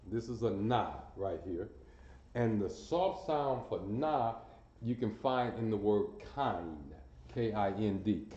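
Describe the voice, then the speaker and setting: Man, teacher at a board, slow and deliberate, repeats himself, drills syllables, roomy muffled recording. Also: lowish voice, dark tone. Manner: drills sounds aloud, repeats phrases, quizzes the class. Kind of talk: classroom lesson. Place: classroom with a board. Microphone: camera he sometimes walks away from.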